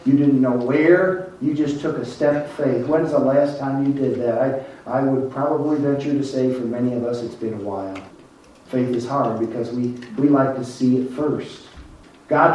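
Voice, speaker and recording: An older man preaching a sermon as a pastor, calling on the congregation and slowing down to stress his points. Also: medium pitch, a little mellow. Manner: preaching, calls on the congregation, slows down for emphasis. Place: church. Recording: echoey church hall, mic far off, dull.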